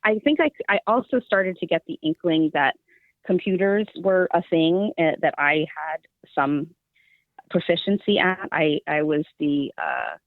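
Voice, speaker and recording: A middle-aged woman telling stories in a casual interview, chatty and quick to laugh. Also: low voice, creaky, no echo. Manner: chatty, laughs often, animated storyteller. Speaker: guest. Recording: tinny phone-like line.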